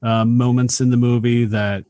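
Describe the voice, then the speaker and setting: A man's voice: medium pitch, flat delivery, normal speed, mellow, no room sound. An easygoing man co-hosting a movie chat, moving the talk along between segments. His voice sits in a middle range, recorded dry and close. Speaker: podcast co-host. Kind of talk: casual movie podcast chat.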